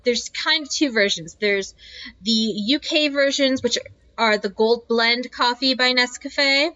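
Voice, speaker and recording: A woman's voice: a little high, a little slow, sharp tone. A woman with a Northeastern US accent, co-hosting a podcast and explaining things with amused, casual chat. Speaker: podcast co-host. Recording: dull, slightly lo-fi sound.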